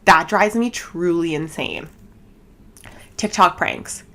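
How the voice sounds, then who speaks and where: A woman from Canada hosting a casual chat podcast at home, giggly and rambling, talking fast with lots of fillers. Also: fairly low pitch, pushed and bright. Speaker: podcast host. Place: home setup, seated cross-legged.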